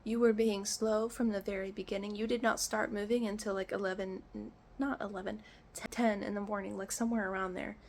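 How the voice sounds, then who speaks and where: A woman's voice: mid-range voice, little pitch movement, fairly quick, creaky, slight background noise. A young woman ranting in a casual storytime vlog, exasperated, swearing often and saying "like" a lot, in an echoey indoor room. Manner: exasperated, swearing, lots of filler "like". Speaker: vlogger.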